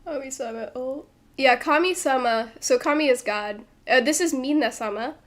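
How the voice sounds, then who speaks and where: A woman talks casually on a livestream, with a slightly high voice, thinking aloud as she translates and often restarting her sentences. Keyboard typing clicks and a faint background hiss sit behind her. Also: moderate pace. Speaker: streamer translating a manga.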